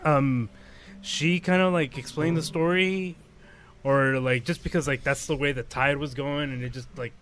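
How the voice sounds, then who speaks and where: A man's voice: fairly high pitch, steady tone, moderate pace, a bit bright, slight background noise. A man in casual podcast chat, joking and trailing off mid-thought.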